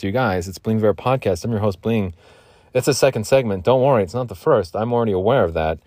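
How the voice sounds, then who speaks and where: A man's voice: mid-range voice, a little mellow, no echo, studio quality. A young man hosting his own solo podcast, rambling through a grocery story and teasing himself as he goes. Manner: joking, self-teasing, meandering. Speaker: podcast host.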